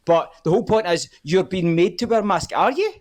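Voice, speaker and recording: A man's voice: sits high, lively intonation, fairly quick. A man, a guest on a live podcast, ranting heatedly and swearing often. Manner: fired up, swearing often, repeats "the whole point is".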